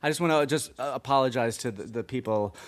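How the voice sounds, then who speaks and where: A man's voice: medium pitch, fast. A man in his forties co-hosting a podcast, chatting casually in a rambling, self-deprecating way with many restarts. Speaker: podcast co-host. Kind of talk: casual chat.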